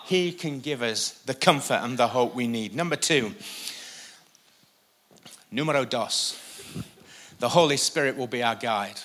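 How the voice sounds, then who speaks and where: A pastor delivering a sermon from a church stage, preaching with animated emphasis and occasional jokes. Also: male voice, mid-range voice, unhurried, long pauses.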